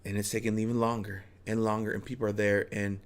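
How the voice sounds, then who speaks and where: Male storyteller, lowish voice, loose rambling delivery with chuckles. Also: level tone, quick pace, clear, resonant tone. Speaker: speaker telling a personal story. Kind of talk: casual storytelling.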